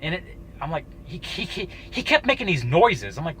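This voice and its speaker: A man with a fairly high, bright and forceful voice tells a story from his own life to camera. He talks loosely and swears often, stumbling and restarting as he goes. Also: very animated, a little hiss or hum, rough recording. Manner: profane, halting, with frequent restarts. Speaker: YouTuber.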